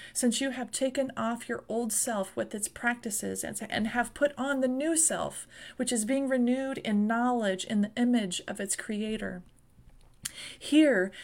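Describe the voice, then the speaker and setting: A woman preaching with fervor, her voice sitting a little high. She reads scripture and repeats key phrases, pressing them home with rising passion. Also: creaky, a little mellow. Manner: fervent, repeats phrases and rises into passionate exhortation. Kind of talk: sermon.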